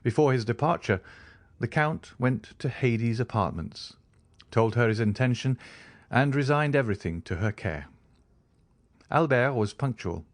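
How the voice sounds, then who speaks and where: A man narrating a classic novel as an audiobook in a steady storytelling manner. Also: mid-range voice, a little slow, long pauses, no echo.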